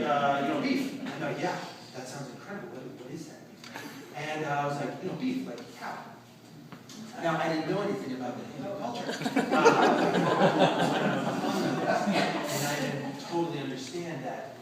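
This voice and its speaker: A young man telling a lively story to an audience at a reception, acting out the dialogue with laughs. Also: a little high. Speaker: speaker at a reception talk. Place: event room, recorded from a distance. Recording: echoey room, far-off mic, background noise.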